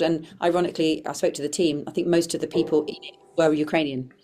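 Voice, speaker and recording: Brief: low-pitched woman performer, reflective guest storyteller. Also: steady tone, fast, dark tone, a little hiss or hum. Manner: earnest, reflective, with frequent restarts. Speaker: comedian and performer, podcast guest. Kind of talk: conversational storytelling.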